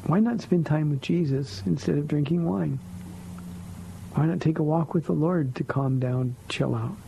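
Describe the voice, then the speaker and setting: A man's voice: on the high side, normal speed, vocal fry, dark tone, a little hiss or hum, low-quality recording. A man hosting a radio call-in show as a pastor, answering listener questions about faith in a firm, blunt, plainspoken way from a studio.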